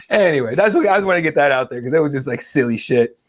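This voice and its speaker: A man's voice: fairly high pitch, animated, fast. A man co-hosting a casual podcast, ranting with lots of swearing and mocking impressions. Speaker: podcast co-host. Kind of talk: casual chat.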